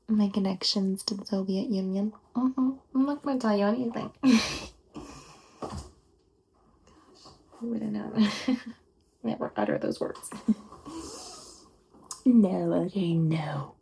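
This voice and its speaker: A woman's voice: medium pitch, takes it slowly, vocal fry, pauses often, a little mellow, low-quality recording. A woman in a whispered role-play, talking in a defiant, indignant, rambling way. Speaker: ASMR role-play host.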